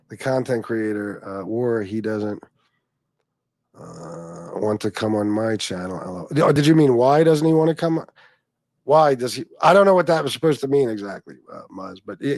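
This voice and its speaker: A man's voice: mid-range voice, no room sound, studio quality. A man hosting a livestream, chatting casually and rambling, swearing often and laughing as he reads comments from his viewers. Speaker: livestream host.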